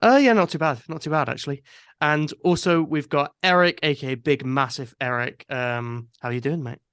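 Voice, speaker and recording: A man's voice: fairly high pitch, moderate pace, fairly bright tone, smooth, dry recording, studio quality. A man hosting a casual football podcast, talking easygoing and thinking aloud as he goes. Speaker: podcast host.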